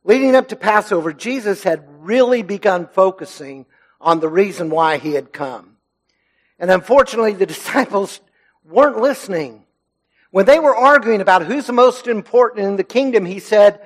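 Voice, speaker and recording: A man preaching a sermon in church, earnest and emphatic, letting his phrase ends drop low and soft. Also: expressive, moderate pace. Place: church sanctuary.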